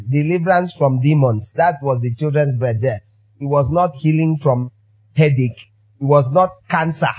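A man's voice: on the high side, darkish tone, highs cut off. A man preaching a sermon as pastor, emphatic and fond of repeating his phrases for effect.

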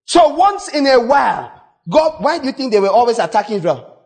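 A man preaching a sermon in a dramatic, animated way, acting out quoted voices and breaking into sudden shouts. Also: very high-pitched, a little fast, creaky.

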